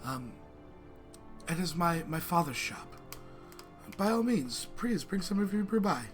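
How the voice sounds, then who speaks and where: A man playing a gracious young noblewoman in a tabletop game, courteous and a little hesitant, her voice soft and slightly high for a man. Music plays behind her. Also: lively intonation, measured pace.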